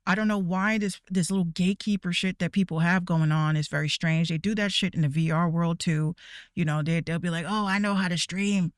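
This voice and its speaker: A woman's voice: on the low side, fairly even intonation, brisk, no room sound, studio quality. Blunt, swearing woman ranting. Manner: blunt, swearing, laughs often. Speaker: VTuber show host. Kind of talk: casual profane rant.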